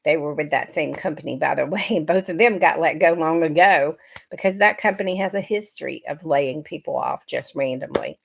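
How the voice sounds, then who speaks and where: A woman's voice: low-pitched, a little fast, vocal fry. A middle-aged woman from Georgia, chatting casually on a livestream and greeting viewers by name. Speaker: livestream host.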